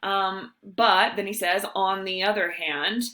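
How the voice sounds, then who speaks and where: A woman's voice: mid-range voice, fairly even intonation, slow pace, pushed and bright. A woman teacher giving a casual, chatty video lesson on essay writing, with plenty of fillers. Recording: echoey room.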